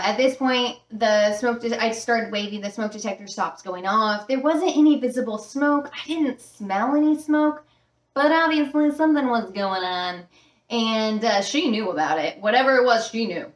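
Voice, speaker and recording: A woman's voice: a little high, far from the mic. A woman and former flight attendant telling stories at home in a chatty, casual way, full of fillers. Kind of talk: casual storytelling. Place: room at home with a fish tank. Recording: roomy sound from the mic.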